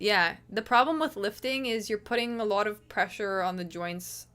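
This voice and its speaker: A woman's voice: medium pitch, moderate pace, fairly bright tone, clean tone. A woman hosting a livestream, chatting casually and rambling with swearing and lots of restarts. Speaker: livestream host.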